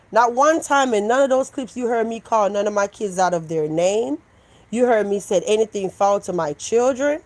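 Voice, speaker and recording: A woman hosts a live stream and talks casually with her audience. She is animated and conversational, and she answers their chat messages one after another. Her pitch sits in the middle range for a woman. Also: poor audio. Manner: animated, talks back to chat, switches into mocking voices.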